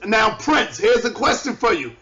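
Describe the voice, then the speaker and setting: A man hosting and moderating a debate, asking measured questions. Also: high-pitched, sing-song. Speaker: host. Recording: lo-fi with crowd behind.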